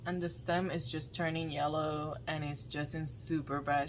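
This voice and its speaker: A woman vlogger doing casual unboxing commentary, talking in a halting, dismayed way with frequent ums. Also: deep voice, flat delivery, background noise. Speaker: plant vlogger.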